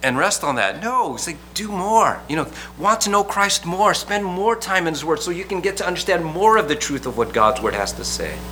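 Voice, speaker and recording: A male pastor preaching with a bright, forceful voice set a little high. He talks earnestly and keeps circling back to restart his phrases. A faint hum sits under the recording. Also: sing-song, a little fast, hardly any pauses. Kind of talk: sermon.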